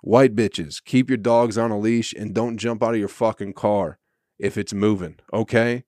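Male comedian-podcaster, lower register, swearing casual rant, dry close-miked sound. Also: steady tone, moderate pace, darkish tone, dry recording. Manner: profane, chuckling, conversational. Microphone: podcast microphone.

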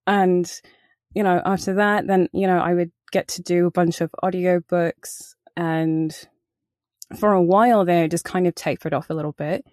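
A woman's voice: fairly low pitch, steady tone, moderate pace, a little mellow, no room sound, studio quality. A British woman, a voice actor and audiobook narrator, chatting animatedly in an interview and laughing often. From Britain. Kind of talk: casual interview chat.

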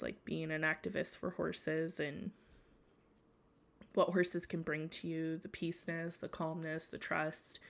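A young woman talks into her podcast mic while sick, her voice sitting a little low for a woman. She gushes with feeling and leans constantly on "like" and "um". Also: a bit bright. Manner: gushing and emotional, heavy use of "like" and "um". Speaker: podcast host. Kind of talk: casual solo podcast chat.

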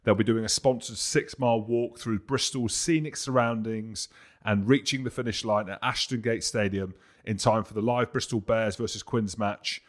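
A man co-hosting a rugby podcast, playful and teasing in casual chat, who also reads out a charity shout-out. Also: on the low side, fairly even intonation, moderate pace. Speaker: podcast co-host, former player.

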